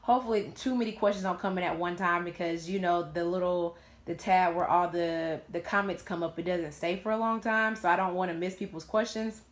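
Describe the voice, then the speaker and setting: A woman's voice: fairly low pitch, steady tone, fairly quick, few pauses. A woman in her late twenties, hosting a live Q&A, who shares her personal story in a casual, candid way and swears freely. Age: late 20s. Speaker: host of a live Q&A stream. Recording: roomy echo.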